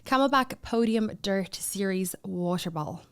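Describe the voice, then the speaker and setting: A woman's voice: medium pitch, lively intonation, moderate pace, a bit bright, smooth. A woman co-hosting a podcast who introduces cycling gifts in an enthusiastic, upbeat way and laughs easily. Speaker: podcast co-host. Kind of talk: casual gift-guide chat.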